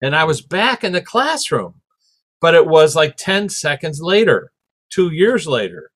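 Man, podcast host, casual storytelling, animated, slightly high voice. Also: measured pace. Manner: animated, acts out quoted voices.

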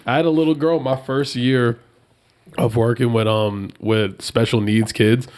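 A man guesting on a podcast, telling funny stories in a lively, laughing way and acting out kids' lines. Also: mid-range voice, unhurried. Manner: animated, laughing storyteller who acts out kids' voices. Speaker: podcast guest, jiu-jitsu instructor. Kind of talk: casual storytelling.

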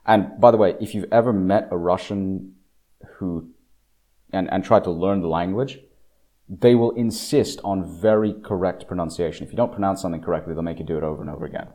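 A man with a very low, deep voice delivers an opinionated political monologue. He is blunt and emphatic, drawing out the words he wants to land. He often stumbles into restarts and side remarks. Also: mellow. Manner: emphatic, slows down to stress key phrases; blunt, with frequent restarts and asides. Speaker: political commentator.

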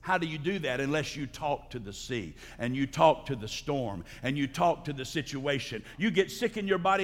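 A male pastor giving a sermon in a church sanctuary, preaching emphatically and breaking into loud, high outbursts. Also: animated, moderate pace, few pauses. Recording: long hall reverb.

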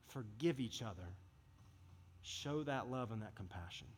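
A man's voice: mid-range voice, animated, unhurried, breathy edge. A man preaching a sermon as a youth pastor, earnest and impassioned in a conversational way. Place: church service hall. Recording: reverberant hall.

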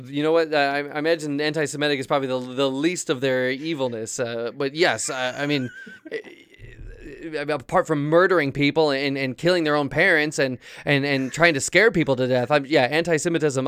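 A man's voice: fairly high pitch, a bit bright, smooth, no echo, studio quality. A man hosting an improvised comedy podcast, flustered and stammering in a mock-earnest way. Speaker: host.

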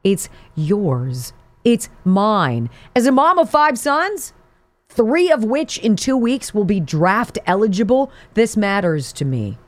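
A woman's voice: mid-range voice, sing-song, slow, no echo. Combative sarcastic woman talk radio host. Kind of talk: political talk radio monologue.

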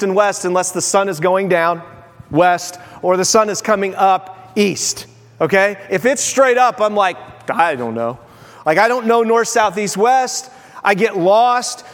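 High-voiced pastor preaching in a reverberant hall. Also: male voice. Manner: conversational, self-deprecating, acts out quotes. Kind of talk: sermon.

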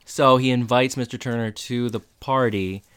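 A man's voice: mid-range voice, steady tone, moderate pace, fairly bright tone, clean tone, no echo. A man co-hosting a casual chat and recapping a TV episode, acting out the characters' lines as he tells it. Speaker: podcast co-host.

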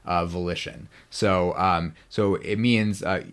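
A man's voice: low-pitched, fairly even intonation, takes it slowly, fairly bright tone, clear, resonant tone. A man guest on a podcast, explaining biblical Hebrew in a teacherly way and often checking in with "right?". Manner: precise about Hebrew pronunciation. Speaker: podcast guest, Bible scholar.

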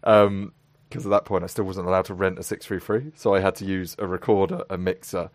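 Male host in his twenties, low voice, dry close sound, lively storyteller. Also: brisk, dry recording. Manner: animated storyteller, acts out voices, laughs often. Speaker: podcast host. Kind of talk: casual chat.

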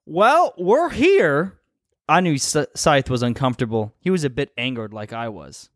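Male narrator-host, lively and laughing, dry close sound. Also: mid-range voice, a little fast, no echo. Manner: animated, laughing, stumbles over names. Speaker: podcast co-host narrating a story. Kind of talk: comedic story reading.

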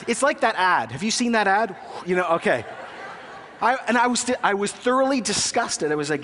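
A man in his thirties delivers a sermon from the pulpit, telling a personal story with lively, self-deprecating humor before turning to his point. His voice sits a little high for a man. Long reverb rings around him from a big church hall. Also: brisk, a faint crowd, slight background noise. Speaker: pastor.

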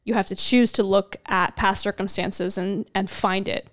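A woman co-hosts a faith podcast in a mid-range voice with fairly even intonation and a moderate pace. Her talk is casual yet earnest and reflective, unfolding in long, flowing runs.

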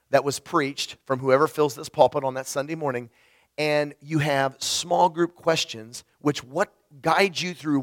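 A middle-aged man preaching a chatty, humorous sermon, getting over a cold and clearing his throat now and then. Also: a little high. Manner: humorous, chatty, often restarts, teases the congregation. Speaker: pastor. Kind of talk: casual conversational sermon.

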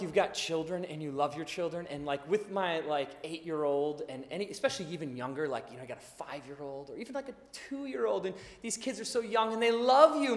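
A higher-pitched male pastor preaching in a hall, his voice trailing off into a long reverb. He tells his story with animated energy, jumping into the voices of the people in it. He drops low and quiet for the serious points. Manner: animated storytelling, acts out dialogue, laughs along. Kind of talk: sermon with storytelling.

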